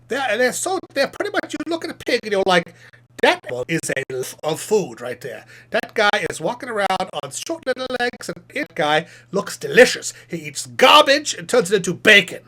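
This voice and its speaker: Give me a self-satisfied puppet professor hosting a live chat, played by a man, rambling with a lively, swinging voice. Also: sits high, normal speed, pitched above the performer's own voice, heavily acted. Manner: rambling, deadpan jokes, reads chat questions aloud. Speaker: live stream host.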